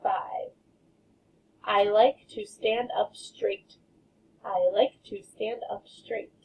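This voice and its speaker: A woman teaching a phonics lesson to kindergartners, modeling sounds and words slowly and clearly. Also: mid-range voice, a little mellow, a little hiss or hum. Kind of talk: recorded remote phonics lesson. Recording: dull lo-fi sound from off-mic.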